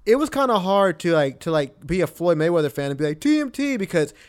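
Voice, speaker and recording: A man's voice: on the high side, expressive, fast talker. A young man co-hosting a casual podcast who insists on his point, repeating himself and swearing. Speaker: podcast co-host.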